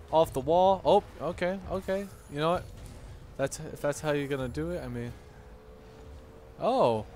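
A young man hosting his gaming channel, giving excitable, mock-instructional commentary over gameplay with frequent swearing and outbursts. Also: a little high, slight background noise.

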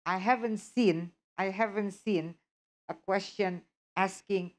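Slow-speaking woman teaching. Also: mid-range voice, steady tone. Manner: checks understanding often, repeats words. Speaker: test preparation instructor. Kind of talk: live workshop Q&A.

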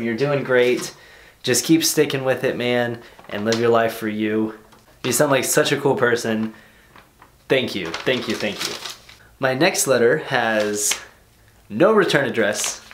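A young man vlogging as he opens fan mail at home, excitable, swearing casually and laughing often. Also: mid-range voice, reverberant, a little hiss or hum. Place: bedroom at home.

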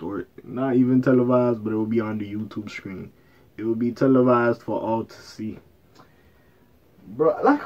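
A blunt young man with rants profanely, his pitch leaping around as he swings between low mutters and exasperated outbursts. The recording sounds dull and lo-fi. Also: sing-song, moderate pace. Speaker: YouTube commentator. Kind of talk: casual rant commentary.

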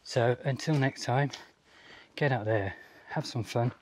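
A man's voice: mid-range voice, measured pace, slight background noise. A man from Australia hosting his outdoor gear channel, explaining his pack loadout step by step in a casual, easygoing way. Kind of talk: casual gear demonstration vlog.

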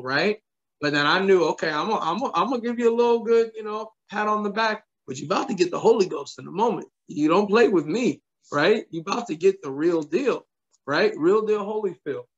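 Animated preacher man telling a story. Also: a little high, highs cut off. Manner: animated, quotes people in dialogue, emphatic repetition. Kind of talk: sermon storytelling.

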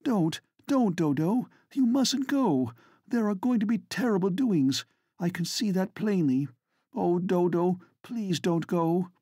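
A nervous, weak-willed Edwardian lady, as a man puts her on, frets and pleads in a voice pitched high above his own. The read is slightly husky and dry, close to the mic. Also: expressive, slow pace, warm tone, no room sound, full character voice. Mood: pleading. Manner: fretful, pleading, high-strung. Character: timid, weak Edwardian society lady, anxious. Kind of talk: audiobook character reading.

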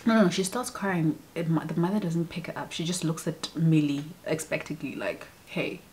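A woman's voice: low voice, fairly quick, a little mellow, low-quality recording. A young adult woman chatting casually as a vlogger, retelling a book's story with many fillers and acted-out lines. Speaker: book vlogger. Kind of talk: casual chat.

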